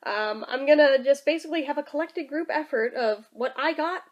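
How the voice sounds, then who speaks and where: High-voiced woman chatting on her vlog. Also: a little fast, muffled recording. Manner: chatty and emotional, many fillers like "like" and "um". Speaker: vlogger. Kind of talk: casual vlog chat.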